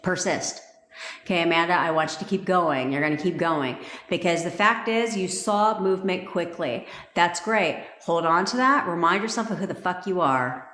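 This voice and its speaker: A woman's voice: lowish voice, normal speed, a bit bright, a little hiss or hum. A woman manifestation coach talking casually and bluntly on a live stream, swearing freely for emphasis. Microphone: phone. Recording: echoey room.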